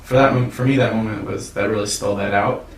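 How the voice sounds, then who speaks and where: A man's voice: on the low side, fairly even intonation, fast, a little hiss or hum. A man co-hosting a show, talking in an earnest, reflective way and repeating words as he thinks. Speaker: podcast co-host. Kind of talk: casual chat. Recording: roomy sound from a distant mic.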